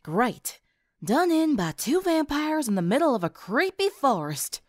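A woman's voice: high voice, big pitch swings, unhurried, dry recording, studio quality, voice pushed up. A woman doing a weary, tough farm girl.

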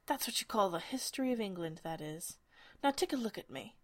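Woman putting on a pompous egg man, touchy, loud, boastful, storybook. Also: medium pitch, expressive, brisk, lightly acted. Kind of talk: storybook reading.

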